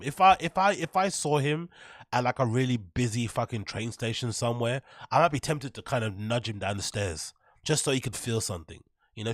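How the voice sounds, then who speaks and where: A man's voice: mid-range voice, no room sound, studio quality. A man hosting a commentary show, ranting and mocking clips with heavy profanity and filler words. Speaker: host.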